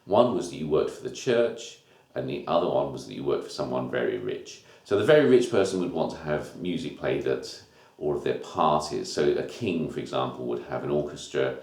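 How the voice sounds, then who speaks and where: A man with a deep, low voice teaches a music lesson. He talks informally and walks through each new term one step at a time. His voice rings around an echoey room. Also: sing-song, moderate pace, a little mellow. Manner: informal, explains terms step by step.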